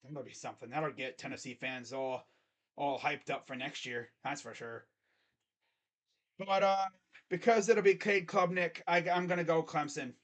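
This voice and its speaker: A man's voice: a little high, steady tone, normal speed, a bit bright. A man hosting his own channel, giving casual sports predictions in a rambling, self-correcting way. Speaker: host. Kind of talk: casual sports picks commentary.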